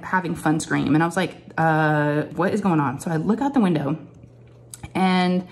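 A middle-aged woman with a slightly low voice, talking in a chatty, animated way. She tells a long story full of asides, like a crafting vlogger speaking to her viewers from her craft room at home. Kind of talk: casual storytelling chat.

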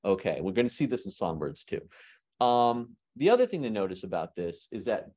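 A man giving an academic lecture in a hall, lively and joking with his audience. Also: on the low side, fairly quick.

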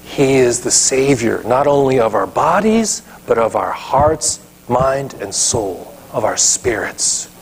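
A man's voice: mid-range voice, animated, takes it slowly, hardly any pauses, a little hiss or hum. A male pastor preaching a sermon emphatically, often checking in with his listeners. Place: church.

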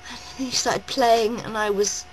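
A woman vlogging at home, gushing and rambling in a breathless, excited rush. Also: fairly high pitch, measured pace, slight background noise, low-quality recording. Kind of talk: excited personal vlog. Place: at home indoors.

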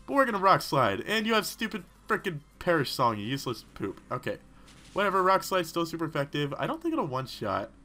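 A man giving rambling, excitable gaming commentary, talking back to the characters on screen. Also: a little high, fast talker. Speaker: let's play host.

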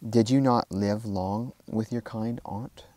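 A man's voice: fairly low pitch, steady tone, slow, dark tone, no echo. A man reading the part of a fearful, gloomy orphan boy telling his story. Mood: sad.

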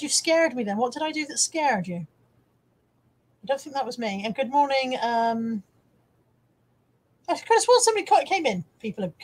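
A woman's voice: a little high, darkish tone, slightly rough, rough recording. A middle-aged woman hosting a casual live stream from home. She chats and teases as she reads out viewers' comments and shows off the things she has bought to resell. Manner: chatty and teasing, reading out viewer comments. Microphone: camera on a wire, close by.

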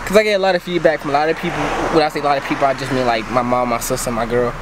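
A man's voice: medium pitch, fairly even intonation, racing, noisy background. A man hosting a casual vlog from his car, talking in a slangy, laid-back way straight to his viewers. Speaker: vlogger host.

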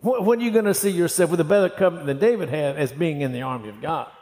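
A man's voice: fairly high pitch, lively intonation, quick pace, a little mellow. Folksy man preaching in a hall. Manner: folksy preaching, acts out quoted voices, laughs often. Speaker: pastor. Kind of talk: sermon. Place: church hall.

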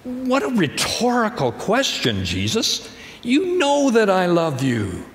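A man's voice: sits high, wildly swooping pitch, slow pace, voice pushed up, heavily acted. A man voicing an exasperated fisherman apostle, earnest and pressed, recorded with church hall reverb. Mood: indignant. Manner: indignant, then subdued and broken.

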